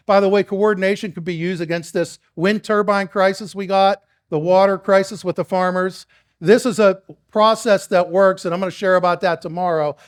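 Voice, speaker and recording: High-voiced man telling stories to a crowd. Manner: storytelling, acts out quoted exchanges; rambling with restarts, addresses the crowd. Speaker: speaker at a public meeting. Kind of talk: talk to a live audience.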